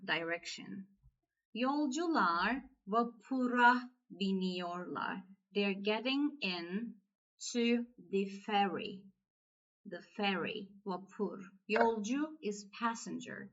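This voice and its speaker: A woman with a Turkish accent gives a language lesson at an unhurried pace, pausing often and repeating each phrase. Her voice sits at a middle pitch. The recording sounds somewhat dull and lo-fi. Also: fairly bright tone. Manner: slow, patient, repeats phrases. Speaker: Turkish teacher.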